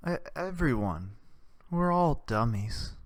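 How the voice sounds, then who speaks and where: Animated man rambling in a dry room. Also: mid-range voice, takes it slowly, no room sound. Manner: repetitive, rambling, swears, swings from hushed to loud. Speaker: vlogger. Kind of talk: casual rambling monologue.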